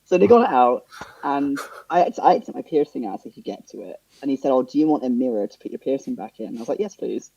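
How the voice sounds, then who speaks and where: Animated young man telling a story. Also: fast, vocal fry, slightly rough, no room sound, lo-fi sound. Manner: animated, acts out dialogue with big pitch jumps and laughter. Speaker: podcast co-host. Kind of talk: casual storytelling.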